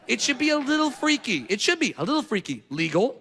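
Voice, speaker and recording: A man doing a stand-up comedy set in front of a live audience, brash and self-mocking, jumping into loud mock voices. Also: very high-pitched, big pitch swings, fast, vocal fry. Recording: live room with long reverb and noise.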